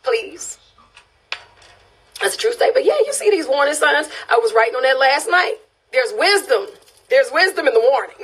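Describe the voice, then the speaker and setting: A woman's voice: high-pitched, a bit bright. A woman from Louisiana with a Louisiana accent hosting a casual phone live stream. She reads viewer comments, laughs often and repeats phrases for emphasis. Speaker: livestream host.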